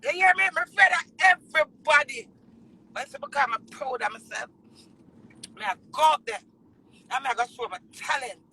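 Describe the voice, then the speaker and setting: A woman with a Jamaican accent in a heated rant, swearing loudly and swinging between shouting and low, tearful muttering. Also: sing-song, moderate pace, pauses often, low-quality recording.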